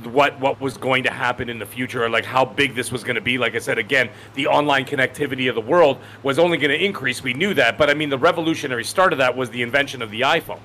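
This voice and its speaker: A man's voice: medium pitch, fast, few pauses, bright, forceful tone, a little hiss or hum. A man in his forties co-hosting a podcast in casual chat, rambling and emphatic, often correcting himself mid-sentence. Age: 40s. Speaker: podcast co-host.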